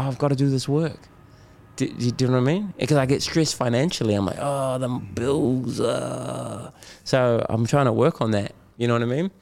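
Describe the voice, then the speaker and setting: A middle-aged man speaks candidly as a podcast guest, his voice sitting at an ordinary male pitch. He tells stories with energy, laughs often, and swears casually. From New Zealand. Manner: animated storyteller, swears, laughs often, acts out his own lines.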